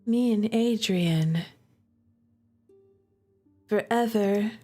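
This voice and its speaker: A woman reading aloud as a weary young woman held captive, quiet and drowsy, slipping into whispers. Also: medium pitch, extremely slow, soft background music. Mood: dazed, wistful. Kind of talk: reading game dialogue aloud.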